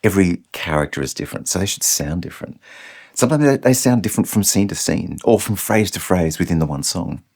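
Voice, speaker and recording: A man teaching singing technique in an instructional video, explaining each idea clearly. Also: sits low, lively intonation, quick pace, a little mellow. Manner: explains clearly, breaks off to sing short demonstrations.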